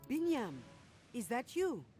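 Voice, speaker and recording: Anxious mother, as a male streamer puts her on: quiet, high, slow, lilting. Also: sing-song, heavily acted. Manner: soft, quiet, raised falsetto-like pitch, drawn-out. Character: worried middle-aged mother, anxious and polite. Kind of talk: reading game dialogue aloud. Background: game music.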